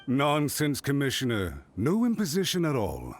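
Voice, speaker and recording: An actor playing a polite, deferential clan retainer in a video game. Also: male voice, mid-range voice, huge pitch swings, moderate pace, faint music behind. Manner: courteous, deferential.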